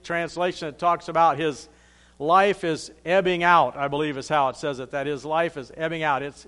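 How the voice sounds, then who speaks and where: A man's voice: on the high side, a bit bright. A man preaching a sermon in a conversational, plain-spoken way, reading scripture aloud and then explaining it.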